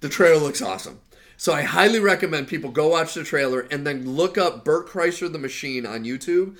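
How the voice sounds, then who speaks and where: A man's voice: on the high side, expressive, brisk, fairly bright tone. A man co-hosting a casual podcast, rambling through movie stories and laughing as he retells scenes. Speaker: podcast co-host. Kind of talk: casual chat.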